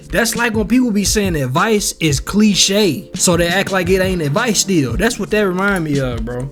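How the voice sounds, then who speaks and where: A man's voice: fairly high pitch, animated, moderate pace, hardly any pauses. A man giving casual, joking gameplay commentary in slang, with faint game music behind. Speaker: gaming YouTuber.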